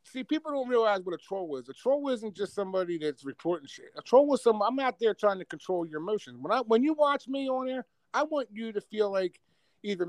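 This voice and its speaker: Brash New Jersey man, high-pitched. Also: lively intonation, brisk, dry recording. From Northeast US, New Jersey. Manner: brash, profane, boastful storyteller. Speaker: podcast guest, social media personality. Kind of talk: casual podcast chat.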